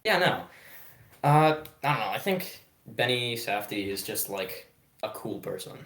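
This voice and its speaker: A young man co-hosting a film podcast, chatting casually with lots of swearing and quick laughs. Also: mid-range voice, sing-song, fairly bright tone, echoey room. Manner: profane, quick-laughing, self-interrupting. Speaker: podcast co-host. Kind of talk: casual chat.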